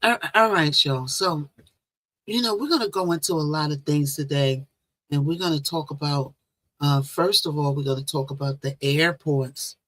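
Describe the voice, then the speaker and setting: A woman's voice: low voice, moderate pace, a bit bright. A woman hosting a casual live stream, chatting and repeating herself as she greets viewers. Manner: chatty, repeats phrases, talks to viewers directly. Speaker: livestream host.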